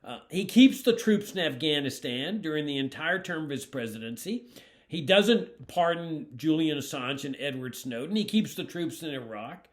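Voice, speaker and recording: A man from South Texas, a political candidate, delivering a sarcastic commentary monologue with frequent chuckles. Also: medium pitch. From South Texas, USA. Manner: sarcastic, mocking, chuckles often.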